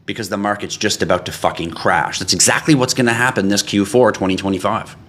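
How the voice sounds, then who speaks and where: Speaking fast with few pauses in a lowish voice, this Canadian man runs a crypto livestream. He chats loosely with viewers and reads their comments aloud, swearing, teasing and staying animated.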